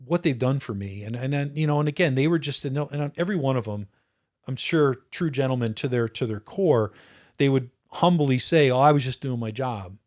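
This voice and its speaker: Speaking a little fast in a typical mid-range male voice, a retired officer in his fifties tells stories as a podcast guest in a casual interview. He looks back earnestly and reflectively, frequently breaking off and restarting what he's saying.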